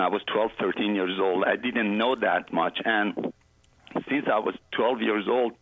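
A man in his forties from Iran, speaking with an Iranian accent as a guest, heartfelt and halting as he tells his story. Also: fairly low pitch, a bit bright, no room sound, poor audio. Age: 40s.

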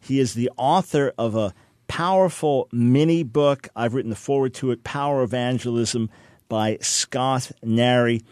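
A man's voice: mid-range voice, normal speed, darkish tone, no room sound. A man hosting a radio talk show from his studio, interviewing guests with enthusiasm.

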